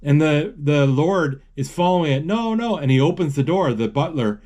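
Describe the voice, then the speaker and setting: A man casually retelling a film as he watches it, halting and searching for words, with excited exclamations. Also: a little high. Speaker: movie narrator.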